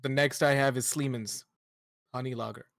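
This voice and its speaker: A man's voice: mid-range voice, fairly even intonation, moderate pace, creaky, a bit bright, dry recording, studio quality. A man, co-hosting a casual podcast in an easygoing, rambling way. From Canada. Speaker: co-host.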